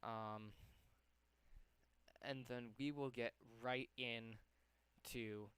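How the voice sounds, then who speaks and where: A man's voice: mid-range voice, fairly even intonation, drawn-out words, a bit bright, clean tone. A young man live-streaming from home, slightly out of breath, rambling with lots of ums as he works. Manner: rambling, lots of ums, talks to himself while working. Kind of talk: casual live-stream chat.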